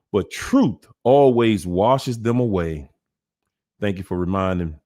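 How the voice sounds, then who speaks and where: A man hosts a livestream, calling out viewers by name with a hype-man swagger. His pitch swings widely, jumping up into whoops and dropping low again. He takes his time, stretching his words out slowly. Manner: hype, call-and-response shout-outs, drawn-out greetings with sudden whoops. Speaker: livestream host. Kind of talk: livestream Q&A, greeting chat viewers.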